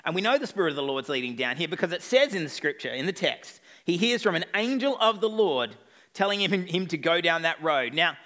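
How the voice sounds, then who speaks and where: A man's voice: a little high, very animated, a little fast, sharp tone. A male pastor preaching an evening sermon, retelling a story with playful asides to the congregation.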